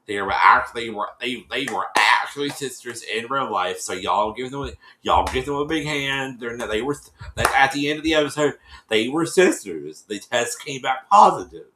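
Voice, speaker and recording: A man talking through a reality show recap in a loose, chatty way, circling back over his own phrases and slipping into little voices for the people he quotes. His voice is bright and forceful, with a roomy echo around it. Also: mid-range voice, lively intonation, moderate pace, a little hiss or hum. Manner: rambling, repeats and restarts phrases. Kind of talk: casual recap chat.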